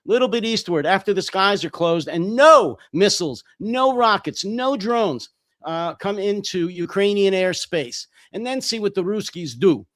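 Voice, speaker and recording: A hoarse, worn-out co-host delivers heated political commentary, blunt and angry and swearing freely. His voice sits a little high for a man and is a bit bright, expressive and unhurried. The recording is close and dry, with no room sound.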